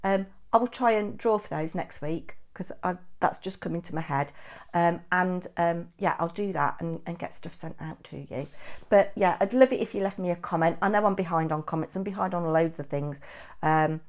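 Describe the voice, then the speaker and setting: A middle-aged woman from England, chatting and telling stories in a vlog update, animated and ranting at times. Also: fairly low pitch, moderate pace. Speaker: craft vlogger.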